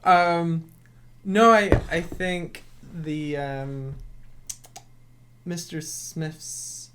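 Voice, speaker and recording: A man's voice: a little high, very slow, background noise. A man co-hosting a casual film discussion, giving opinionated, matter-of-fact verdicts. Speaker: film podcast co-host.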